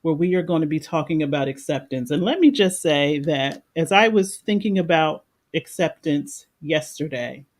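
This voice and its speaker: A woman's voice: deep voice, moderate pace, hardly any pauses, darkish tone. A woman life coach on a livestream, talking in an earnest, reflective and emotional way. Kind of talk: livestream meditation talk. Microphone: livestream microphone.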